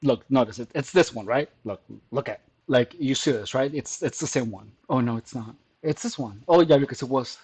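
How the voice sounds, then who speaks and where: A man's voice: mid-range voice, fairly quick, few pauses, darkish tone, breathy edge, poor audio. A man doing casual, crude commentary on online comments, scoffing, laughing often and restarting his sentences, talking at home. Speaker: commentary vlogger reacting to comments.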